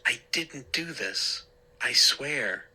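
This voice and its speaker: A man's voice: medium pitch, lively intonation, very slow, sharp tone, breathy edge, voice pushed up, exaggerated voice. A man voicing a frantic boy who stammers and pleads that he is innocent. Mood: pleading.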